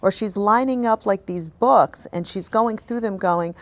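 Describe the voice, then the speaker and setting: Gentle, emotional woman medium. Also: a little high, unhurried, no echo. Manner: gentle, apologetic and emotional, often dropping to a soft hush. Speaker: psychic medium host. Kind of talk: giving a reading to a guest.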